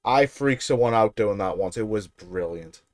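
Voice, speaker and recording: A man's voice: fairly low pitch, animated, normal speed, no room sound. British guy streaming a pc build, jokey and rambly, voice bouncing all over, dry sound. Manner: joking, rambling, self-deprecating. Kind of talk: casual live-stream chat.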